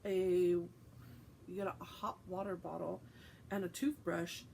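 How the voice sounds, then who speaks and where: A woman's voice: lowish voice, flat delivery, a little slow, creaky, darkish tone, slight background noise, rough recording. A woman voicing a cheeky young male wizard bus conductor with brash, chattering sales patter.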